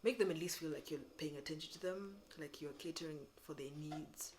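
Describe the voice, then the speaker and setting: A young woman giving business advice to camera, animated and sassy, acting out customers in quick voices. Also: low-pitched. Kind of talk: casual advice talk to camera.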